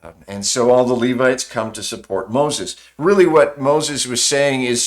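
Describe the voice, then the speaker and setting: Speaking at a measured pace in a mid-range voice, a male pastor brings a story to life during his sermon, keeping it conversational and peppered with "uh."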